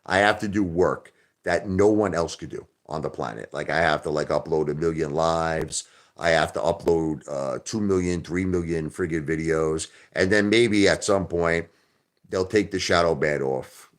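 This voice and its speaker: A man with a very low voice talks through a casual livestream monologue. He rambles and circles back on his points. He lurches between sudden loud bursts and low grumbling asides, turning his curses into polite stand-ins. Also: normal speed. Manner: rambling, repetitive, swings between loud outbursts and low muttering; minces swear words into euphemisms. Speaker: livestream host.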